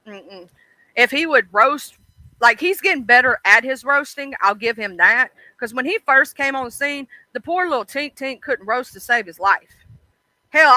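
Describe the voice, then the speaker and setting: Blunt, chatty woman streamer with bright voice. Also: a little high, no room sound, rough recording. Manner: blunt, chatty, swears freely. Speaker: livestream host. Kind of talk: casual livestream chat.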